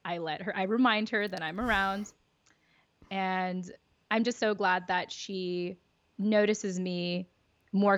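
A woman's voice: mid-range voice, no room sound, muffled recording. A woman speaking as her own inner child, a sassy and confident young girl, in her everyday voice.

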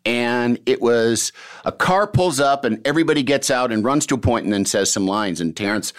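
A man's voice: medium pitch, moderate pace. A man, an actor, chatting casually and telling showbiz stories, acting out the people he quotes. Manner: animated storyteller, acts out quotes. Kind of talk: casual conversation.

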